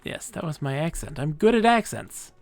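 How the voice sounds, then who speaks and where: A man's voice: on the high side, very animated, normal speed, creaky, no room sound, soft background music. A man streaming a game live, chatting playfully and reading character lines aloud in put-on voices.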